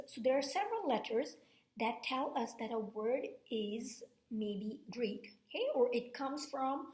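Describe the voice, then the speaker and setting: A woman teacher giving a slow, patient phonics lesson, checking in with "okay?" and repeating each sound. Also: high-pitched, reverberant.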